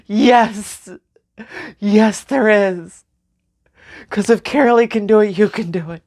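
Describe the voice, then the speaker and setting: A young woman speaking slowly and tearfully in a personal memorial vlog, with soft nervous laughs. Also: mid-range voice. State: crying. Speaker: vlogger.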